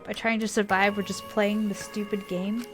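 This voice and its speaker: A woman's voice: medium pitch, level tone, moderate pace, music in the background. A young woman casually commenting on a game as she plays, chatty, laughing often and swearing freely. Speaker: let's-play streamer.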